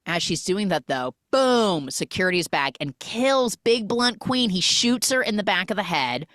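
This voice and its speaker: A woman's voice: medium pitch, a little slow, no echo, clean studio sound. A woman on a podcast chattily retelling a film plot, full of "like"s. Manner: chatty, animated retelling with many "like"s. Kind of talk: casual podcast film recap.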